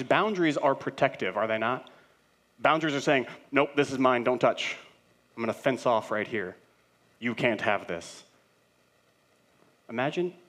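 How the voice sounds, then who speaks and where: A man's voice: medium pitch, fairly bright tone. A man in his thirties, a senior pastor, preaching a sermon in a conversational, playful way with emphatic rhetorical questions.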